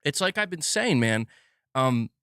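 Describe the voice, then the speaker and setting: A man hosting a gaming livestream, ranting in an excitable, self-mocking way and swearing often, restarting his words as he gets worked up. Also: a little high, measured pace, clean tone, dry recording, studio quality. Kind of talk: live commentary rant. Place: indoor room at home.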